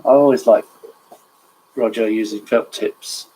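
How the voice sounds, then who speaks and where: A man's voice: lowish voice, fairly even intonation, unhurried, mellow, rough recording. Man reading a storybook aloud, chatty asides, faint noise behind. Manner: chatty, chuckles, stops to admire pictures. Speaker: reader of a children's book. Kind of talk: reading a picture book aloud with comments.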